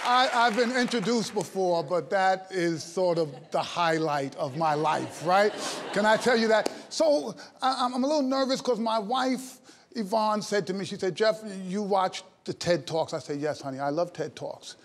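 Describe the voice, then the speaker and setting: A man's voice: high voice, normal speed, crowd noise, background noise. A man in his sixties giving a passionate, emphatic stage talk to a live audience, mixing jokes with indignation. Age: 60s. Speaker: invited speaker.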